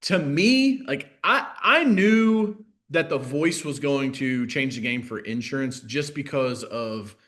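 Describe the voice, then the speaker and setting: A man, a sales coach, giving a casual live masterclass in a lively, filler-heavy way, jumping from loud bursts to low asides. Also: takes it slowly, few pauses.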